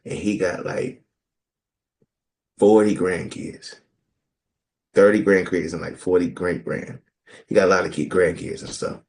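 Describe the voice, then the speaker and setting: A deep, creaky male voice, unhurried and full of long pauses, belongs to a podcast co-host chatting about scripture with others. He's animated and jokey, mimicking people in quoted voices.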